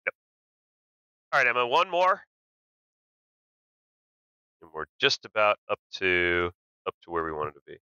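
Co-host guy chiming in to clarify, super bright smooth voice. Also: on the low side, big pitch swings, no room sound, highs cut off. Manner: agrees briefly and adds quick clarifications. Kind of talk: casual game-strategy discussion.

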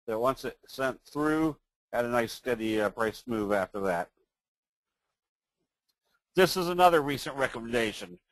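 A man presenting a trading webinar in a folksy way, telling jokes and making a sales pitch. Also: fairly bright tone, dry recording, rough recording.

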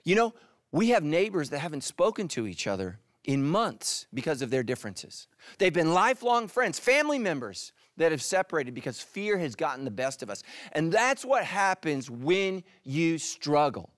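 A middle-aged male pastor preaching a sermon, animated, swinging from loud emphatic peaks to hushed, quiet lines. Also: on the high side, moderate pace, dry recording, studio quality. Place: church stage.

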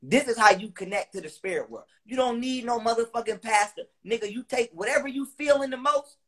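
A man online rants heatedly and profanely at his viewers at a brisk pace. He repeats lines for emphasis, with loud outbursts between lower, quieter passages.

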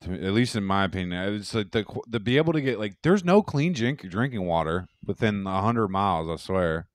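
Smooth low-voiced man, profane rambling chat. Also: lively intonation, a little fast, dry recording. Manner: profane, rambling, laughs at own bits. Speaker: podcast co-host. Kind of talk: casual chat.

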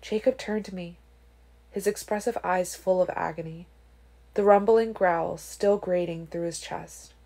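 A woman reading a novel aloud in a quiet, soft-spoken way, dropping to a hush for dialogue. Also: fairly low pitch, fairly even intonation, a little slow, vocal fry. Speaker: audiobook reader.

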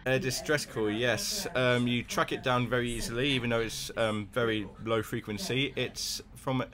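A man's voice: medium pitch, steady tone, fairly bright tone. Laid-back man running the game. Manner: easygoing, laughs often, unhurried scene-setting. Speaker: game master. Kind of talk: narrating a tabletop game.

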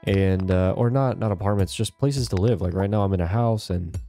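This gaming channel host has a low, warm voice and talks a little fast, with faint music behind him. He's a young man chatting casually with viewers while playing a farming game indoors at home.

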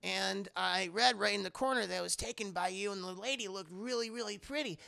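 A man voicing an earnest, curious eight-year-old girl in a high, sweet voice. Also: fairly quick, vocal fry, bright, forceful tone, exaggerated voice.

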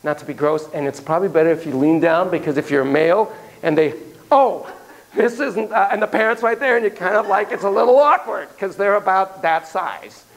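A man's voice: high voice, fast talker. A man teaching a class on child psychotherapy, emphatic and playful, with frequent asides. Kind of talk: classroom lecture.

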